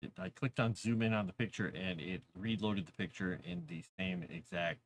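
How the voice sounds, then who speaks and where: Man, low gravelly voice, lively up-and-down pitch, rambling stream chatter. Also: normal speed, a little hiss or hum. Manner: rambling, talks to his cat and reads chat aloud. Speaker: streamer writing fantasy lore. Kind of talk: casual live-stream chat.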